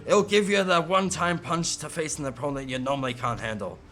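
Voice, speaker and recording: A man voicing a boastful, chatty male townsman in a fantasy game, speaking in a lower, slow and self-satisfied drawl. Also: bright, forceful tone. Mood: smug.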